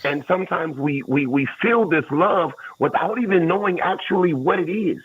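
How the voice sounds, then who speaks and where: A man's voice: a little high, expressive, normal speed, slightly rough. A man co-hosting a relationship podcast, speaking in an earnest, reflective way. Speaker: podcast co-host. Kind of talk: casual chat. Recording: dry, slightly dull audio.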